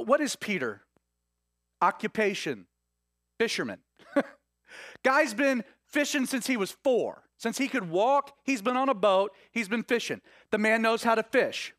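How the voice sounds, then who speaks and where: A man preaching a sermon in an animated, conversational way with laughing asides. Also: high voice, no echo, studio quality. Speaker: pastor.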